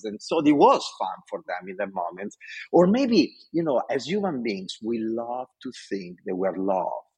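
A man's voice: mid-range voice, husky. A middle-aged man from Italy, a design executive telling a story with passion. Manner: passionate, animated. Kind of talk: storytelling talk.

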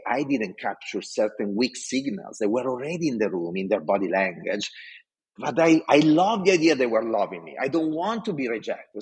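Passionate man, husky voice. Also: mid-range voice. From Italy. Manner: passionate, animated. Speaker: design executive speaker. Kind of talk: storytelling talk.

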